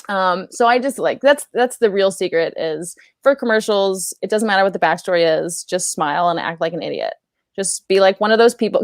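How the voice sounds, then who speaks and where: A young woman comedian chatting casually, telling stories and acting out quoted voices in a high chirpy tone, laughing often. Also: dry recording, clean studio sound. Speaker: comedian guest. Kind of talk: casual podcast chat with storytelling.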